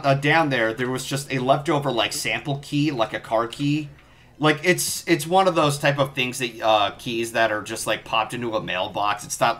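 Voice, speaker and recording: A man's voice: medium pitch, fairly bright tone. A young man telling a rambling anecdote full of fillers in a casual gaming stream chat. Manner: rambling, filler-heavy storytelling.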